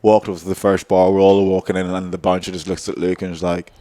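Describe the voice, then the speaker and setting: Young man, podcast co-host, low-pitched, relaxed storyteller, casual chat. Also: quick pace. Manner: laid-back storyteller, laughs often while telling.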